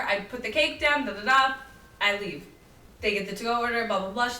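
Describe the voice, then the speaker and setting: Young woman, solo podcast host, lively storyteller; bright voice, slightly distant mic. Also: a little high, fairly quick. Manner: animated, chatty, acts out quotes. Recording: roomy, slightly distant mic with faint noise.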